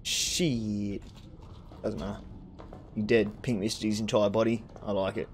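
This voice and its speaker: A young man commentating a horror game playthrough, swearing and ranting with excitable outbursts. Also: fairly low pitch, a little slow, slight background noise. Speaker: gaming streamer. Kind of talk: let's play commentary.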